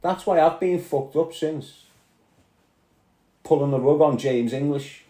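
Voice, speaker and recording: A Scouse man rants and swears on a live stream, answering his commenters in a confrontational way. His voice sits a little high and mellow, and the room around him sounds echoey. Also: measured pace. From Liverpool. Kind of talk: ranting live chat.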